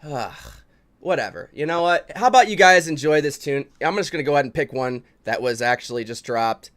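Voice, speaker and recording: A man co-hosting an underground music review stream in crude, profane banter, swinging between low mutters and sudden yelled outbursts. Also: fast. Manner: loud, swearing, drops to low mutters, yells outbursts. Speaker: co-host of an indie music review show.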